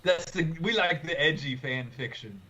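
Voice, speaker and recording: A man's voice: fairly high pitch, animated, moderate pace, pushed and bright, dull audio, a little hiss or hum. A man co-hosting a podcast in casual chat, repeating words as he gets his sentences going. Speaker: podcast co-host.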